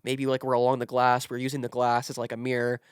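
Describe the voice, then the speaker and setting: A man's voice: mid-range voice, fast talker, smooth, dry recording, clean studio sound. A young man telling a casual story with lots of fillers, acting out quotes. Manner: animated, filler-heavy, acts out quotes. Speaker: podcast guest, content creator.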